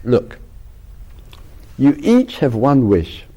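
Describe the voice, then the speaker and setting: A man voicing a male genie from a bottle in a told joke, slow and firm as he sets the rules. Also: mid-range voice, wildly swooping pitch, warm tone, dull audio, exaggerated voice. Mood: stern.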